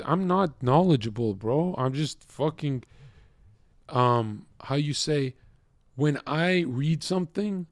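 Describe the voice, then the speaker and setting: A man's voice: medium pitch, a little mellow, no echo, clean studio sound. A man live streaming, ranting angrily and hurling mocking, profane insults at a viewer in chat. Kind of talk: angry rant at a chat viewer.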